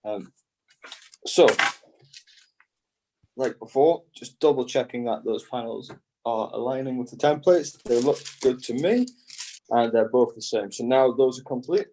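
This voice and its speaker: A man's voice: medium pitch, a little slow, long pauses, warm tone, a little hiss or hum, poor audio. A man with hiccups, patiently explaining step by step how he cuts kite panels. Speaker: kite builder demonstrating. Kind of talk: step-by-step craft instruction.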